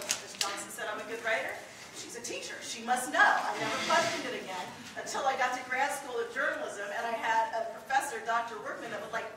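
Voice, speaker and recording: A woman giving a live motivational talk to a student audience, telling lively stories and joking with the crowd. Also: on the high side. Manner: lively storyteller, jokes with the crowd. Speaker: motivational speaker. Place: large hall with an audience. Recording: echoey hall from far off, noisy.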